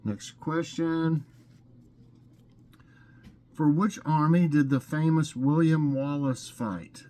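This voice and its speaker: A man hosting a casual vlog, reading trivia questions aloud and thinking out loud with fillers. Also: fairly high pitch, a little slow. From Scotland. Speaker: vlog host.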